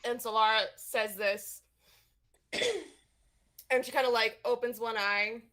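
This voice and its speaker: Bright woman narrating her character. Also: on the high side, steady tone, a little slow. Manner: hesitant, filler-heavy. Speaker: player.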